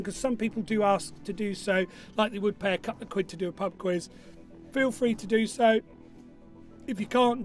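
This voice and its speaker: A quiz host from Burnley, Lancashire, England, runs a live-streamed online pub quiz, chatting, joking, and reading out viewer messages. His voice sits high with a darkish tone.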